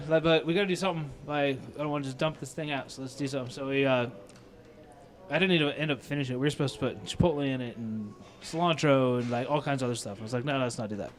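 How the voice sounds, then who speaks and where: Speaking very fast in a mid-range voice, a Midwestern American man who owns a restaurant and cooks there spins stories casually. He curses freely and plays both parties in arguments, captured on a lapel mic.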